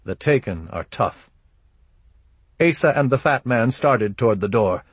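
A man reading a first-person audiobook narration in a measured, grim, low-key manner. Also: animated, husky, dry recording.

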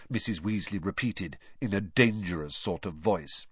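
A man narrating an audiobook in an expressive storytelling manner. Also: sits low, moderate pace, hardly any pauses, husky, no room sound. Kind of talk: scripted narration. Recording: dull lo-fi recording.

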